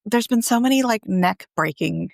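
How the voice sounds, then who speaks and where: A woman guest on a podcast, chatting casually about a TV episode with quick joking asides and short agreeing replies. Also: mid-range voice, lively intonation, creaky, no room sound, clean studio sound. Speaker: guest co-host. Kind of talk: casual recap chat.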